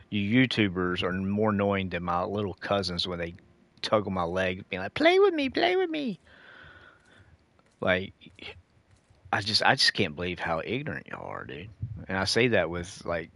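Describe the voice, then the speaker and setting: A middle-aged man with a very low voice delivers a preachy, lecturing rant to his viewers. He keeps calling them dude and y'all, and the recording sounds close and dry. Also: pushed and bright, dry recording. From United States. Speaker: gaming streamer. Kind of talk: casual ranting monologue.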